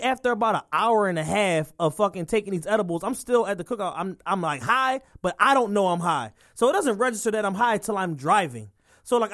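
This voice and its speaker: High-voiced Philly man telling stories. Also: a bit bright, dry recording, studio quality. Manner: profane, rambling, heavy use of "like". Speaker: podcast co-host. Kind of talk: casual storytelling chat.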